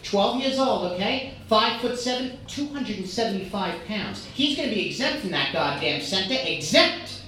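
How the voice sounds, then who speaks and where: A brash mother from bellows and brags in a high, swooping New voice, as a comedian puts her on. She is pushy and boastful, talking over the caller. The sound is echoey and taken from a distance, with faint room ambience. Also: expressive, normal speed, hardly any pauses, sharp tone. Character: brash loud mother from Queens on the phone. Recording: echoey room, far-off mic.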